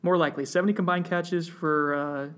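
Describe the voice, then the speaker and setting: A man's voice: a little high, fairly even intonation, a little fast, fairly bright tone, clear, resonant tone. A man hosting a casual sports podcast, reading listener questions in a loose, chatty, self-deprecating way.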